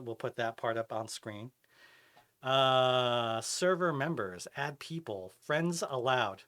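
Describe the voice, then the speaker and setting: A man chats his way through a live game stream, answering his viewers as he goes. His voice is bright and bouncy, with pitch that swings up and down all the time. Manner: animated, chatty, reads chat aloud. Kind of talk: casual live-stream chat while gaming.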